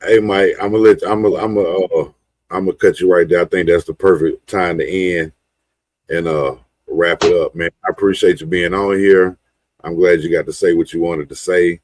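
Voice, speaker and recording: A man's voice: deep voice, steady tone, normal speed, a little mellow, no echo. A man hosting a podcast, wrapping up an interview in an easygoing, stumbling way. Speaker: podcast host. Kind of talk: casual podcast wrap-up.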